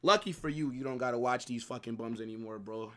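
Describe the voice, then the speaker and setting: A man's voice: mid-range voice, quick pace, pushed and bright. A young man hosting a live football watch-along, ranting and swearing in frustration. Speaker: livestream host.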